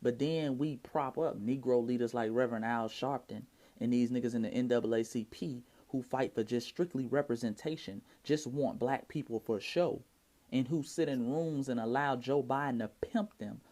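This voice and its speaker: A man's voice: mid-range voice, moderate pace, warm tone. A man with an Atlanta Southern accent giving impassioned, preachy reaction commentary in heavy slang. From Atlanta, Georgia. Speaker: vlogger.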